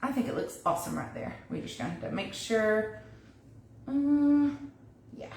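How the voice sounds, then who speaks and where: A chatty woman talks viewers through a craft project live from her home kitchen, thinking aloud as she works. Her voice sits at an ordinary pitch and is picked up from a few steps away. The room is echoey, with a faint hiss underneath. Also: animated, normal speed, darkish tone. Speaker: crafter hosting a livestream. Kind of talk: casual live craft demo, talking while working. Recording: echoey room, mic at a distance, faint noise.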